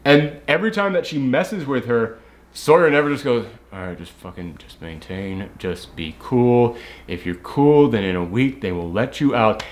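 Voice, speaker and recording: A man's voice: mid-range voice, animated, normal speed. A man reviewing a movie in casual chat, rambling and swearing freely, acting out characters' lines in put-on voices. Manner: rambling, frequent "like" and restarts.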